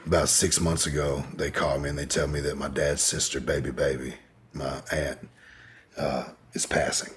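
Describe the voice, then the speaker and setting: A man's voice: extremely low pitch, flat delivery, normal speed, slightly rough. A man telling a long personal story as a podcast guest, in a laid-back, profane, rambling way. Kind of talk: casual storytelling in an interview.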